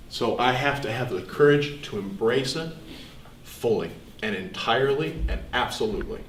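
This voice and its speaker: A young man giving an earnest, reflective seminar speech with pauses. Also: medium pitch. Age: young adult. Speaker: student speaker. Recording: echoey room, distant mic, faint hiss.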